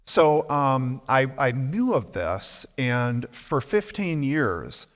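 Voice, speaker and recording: Slow, measured collector on a panel. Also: male voice, mid-range voice, sing-song. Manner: slow, measured, explaining terms. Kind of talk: panel discussion. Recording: long reverb of a large hall.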